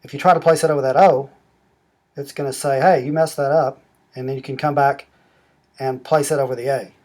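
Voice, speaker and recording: A middle-aged man walking through a language-learning app step by step, explaining rules slowly and methodically. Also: medium pitch, fairly even intonation, a little mellow. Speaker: app demonstrator. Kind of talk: screen-recorded app tutorial.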